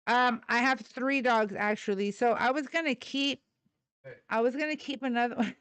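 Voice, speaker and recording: Chatty woman with a smooth voice. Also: fairly high pitch, fairly bright tone, no echo. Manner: chatty and rambling, laughs often, swears casually; coos baby talk at her dogs. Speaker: livestream host. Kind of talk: casual chat.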